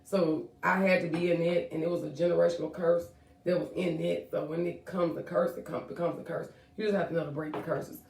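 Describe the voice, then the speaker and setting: A hoarse woman speaks as a guest on a casual talk show, earnest and direct. Her voice is gravelly at a middle pitch. It sounds roomy and echoey, caught from away from the mic. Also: fairly even intonation, brisk, darkish tone, distant mic. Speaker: guest, charity organizer.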